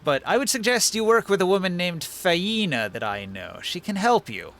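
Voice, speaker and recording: An old dwarf innkeeper talks in a measured, confiding way, as a man puts him on. His voice sits a touch high and rises and falls a lot. It is a tabletop role-play scene. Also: big pitch swings, fairly bright tone, heavily acted.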